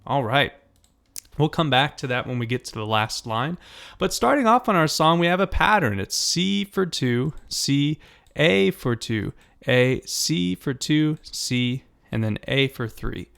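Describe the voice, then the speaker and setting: A man's voice: medium pitch, expressive, vocal fry, a bit bright, smooth. Patient man teaching a piano lesson. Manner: patient, encouraging, counts aloud and names notes slowly. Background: piano notes.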